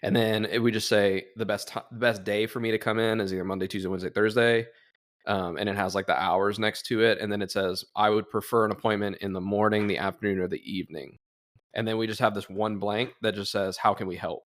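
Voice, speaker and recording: Young male podcast co-host, lowish voice, animated storyteller. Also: fast talker. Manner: animated storyteller acting out phone calls. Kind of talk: casual podcast chat.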